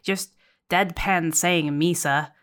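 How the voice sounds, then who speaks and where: A woman cohosting a comedy podcast, quick and sarcastic while directing an improvised scene. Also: fairly low pitch, steady tone, fairly bright tone.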